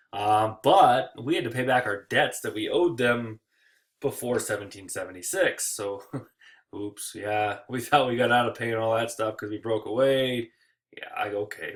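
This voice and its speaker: A man's voice: mid-range voice, fairly bright tone. A man teaching history in a casual recorded lecture, joking often and talking loosely with many fillers.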